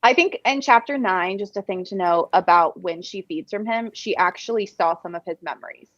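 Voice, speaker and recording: A woman's voice: medium pitch, a little fast, fairly bright tone, no room sound. A woman joining a casual book chat on a video call, musing thoughtfully. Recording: dry, dull audio.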